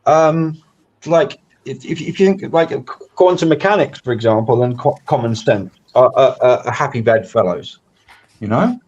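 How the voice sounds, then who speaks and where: A man's voice: mid-range voice, animated, normal speed, darkish tone, breathy edge, muffled recording. A British man talking philosophy in a live debate, discursive and heavy with technical terms. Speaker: debate panelist.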